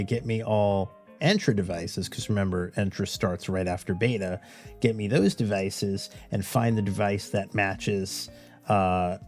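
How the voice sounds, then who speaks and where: A man hosting a tech tutorial in a loose, rambling way, full of "you know"s and "uh"s. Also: fairly low pitch. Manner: rambling, filler-heavy, with many "you know"s and "uh"s. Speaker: tech YouTube host. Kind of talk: casual tutorial talk.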